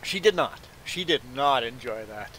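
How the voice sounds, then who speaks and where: A man's voice: mid-range voice, normal speed, slight background noise, poor audio. A man from Belize, a game streamer, telling a story in casual chat and stammering on his repeated "I"s. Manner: animated, stammers on repeated "I"s, acts out the people he quotes. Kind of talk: casual storytelling while livestreaming a farming game.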